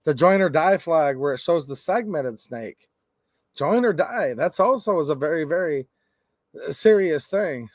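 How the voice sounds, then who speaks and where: A man's voice: a little high, animated, a little slow, no echo, clean studio sound. Rambling man hosting a livestream. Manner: rambling, jokey, reads chat aloud. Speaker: gun rights channel host. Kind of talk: casual livestream chat.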